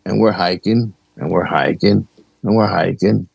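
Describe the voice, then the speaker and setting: A New York man who investigates the paranormal speaks a bit slowly in a low, creaky, slightly rough voice while guesting on a podcast. He tells a story casually and animatedly, acting out the dialogue, and the recording is dry and lo-fi.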